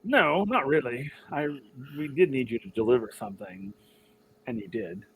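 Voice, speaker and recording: A man playing a secretive old male shopkeeper in a tabletop game, speaking calmly and plainly. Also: mid-range voice, moderate pace, slightly rough, poor audio. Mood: matter-of-fact.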